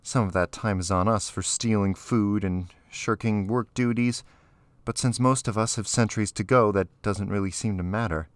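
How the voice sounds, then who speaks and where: A man reading aloud, voicing a calm, guarded teenage girl raised in a prison camp, speaking matter-of-factly. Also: on the low side, moderate pace, dry recording, pitched above the performer's own voice, close to an everyday voice.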